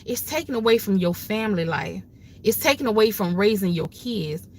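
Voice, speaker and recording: A woman's voice: mid-range voice, lively intonation, normal speed. An older woman with grandchildren, hosting a livestream and giving emphatic, folksy, preachy advice in a casual way. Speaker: livestream host.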